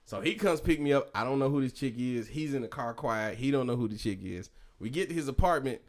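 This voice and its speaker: A man's voice: medium pitch, a little fast. Laughing man telling a wild story. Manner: animated, laughing, profane storytelling with quoted dialogue. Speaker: podcast co-host. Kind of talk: casual storytelling among friends.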